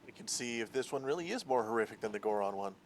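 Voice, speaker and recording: A man chiming in with quiet, dry quips during a game stream. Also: mid-range voice, lively intonation, quick pace, slight background noise. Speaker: co-commentator. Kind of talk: casual gameplay banter.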